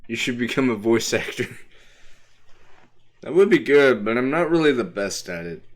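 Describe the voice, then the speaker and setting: A man's voice: mid-range voice, sing-song, moderate pace. A young man streaming casually, explaining toys he shows to the camera in a rambling, hesitant way full of ums. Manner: explains toys while showing them to the camera. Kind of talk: casual livestream chat.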